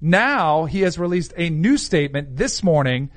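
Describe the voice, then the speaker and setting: A man with a fairly high voice hosts a sports talk show. He lays out each story in a steady, explanatory way before handing off for opinions. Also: moderate pace. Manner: steady, explanatory, sets up topics. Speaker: podcast host.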